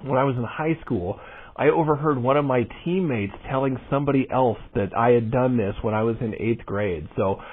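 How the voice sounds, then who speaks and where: A man recounts an old story in a candid, self-deprecating way. His voice sounds husky and comes through a tinny phone line. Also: medium pitch, normal speed. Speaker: caller.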